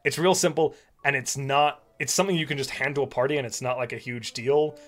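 A man chatting casually as a podcast co-host and game master, relaxed and rambling with lots of filler words. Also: mid-range voice, a little fast. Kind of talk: casual chat.

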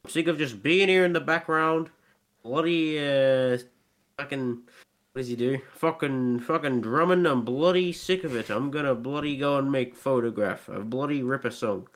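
A man's voice: medium pitch, moderate pace, lightly acted. A man doing an impression of a fed-up male drummer, whining and saying "bloody" in nearly every line. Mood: grumbling. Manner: repeats "bloody" over and over, whining. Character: grumbling working-class male drummer, fed up.

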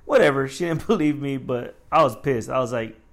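A young adult man, a store manager, casually telling work stories in an animated way, acting out the people he quotes with a raised voice and swearing freely. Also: mid-range voice, brisk. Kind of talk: casual storytelling vlog.

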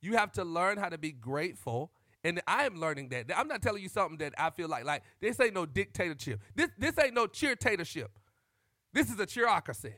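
A man vlogging into a close microphone, joking and riffing like a preacher, animated and shouting at times and calling out to y'all. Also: high voice, brisk, dry recording. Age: adult. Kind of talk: comic monologue with preacher-style riffs.

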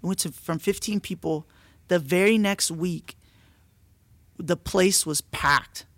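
A male pastor telling stories in a casual, animated podcast chat, restarting often and saying dude and bro. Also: sits high, takes it slowly, dry recording.

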